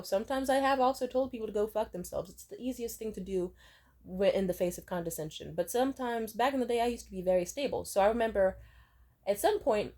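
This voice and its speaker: A woman in her twenties telling personal stories in a casual vlog, blunt and profane, with lively swings in pitch and loudness. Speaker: vlogger. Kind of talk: casual storytime monologue.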